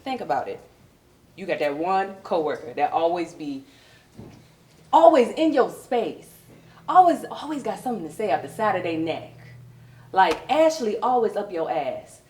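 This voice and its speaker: A woman from Virginia with a Southern accent performing a brassy, animated stand-up comedy set. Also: normal speed, pauses often, roomy sound. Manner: brassy, animated, puts on high posh voices for coworkers.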